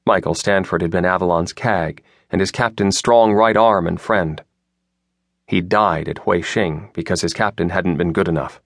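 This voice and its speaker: A man narrating an audiobook in a steady, even way. His voice is fairly low. The studio recording is close and dry, with no room sound. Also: moderate pace, no echo.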